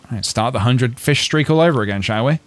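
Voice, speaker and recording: Soft background music plays while a man with a mid-range voice talks at a quick pace during a casual gameplay livestream. He's playful and jokey, rambling along with plenty of laughs and fillers.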